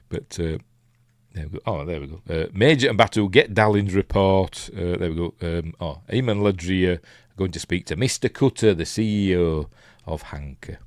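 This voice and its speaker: A man with a Yorkshire accent and a low voice at normal speed hosts a casual live watch-along as a film reviewer, recorded dry. His commentary rambles and hesitates, with lots of ums and restarts, and he chuckles at his own asides.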